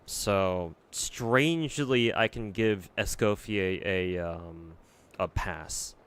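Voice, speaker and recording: A man's voice: sits low, very slow, fairly bright tone, smooth. A man streaming a game, chatting casually and reacting bluntly to viewer comments, with lots of swearing and filler words. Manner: blunt and profane, drawling with many fillers.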